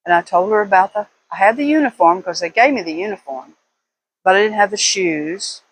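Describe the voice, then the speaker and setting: An older woman, talking casually to her viewers in a slow, rambling way with pauses and fillers. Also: medium pitch, animated, husky, rough recording. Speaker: vlogger.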